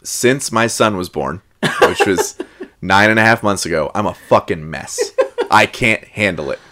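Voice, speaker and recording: A young adult man chatting casually about movies, telling animated stories and often laughing. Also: lowish voice, a little slow. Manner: animated storytelling with frequent laughter.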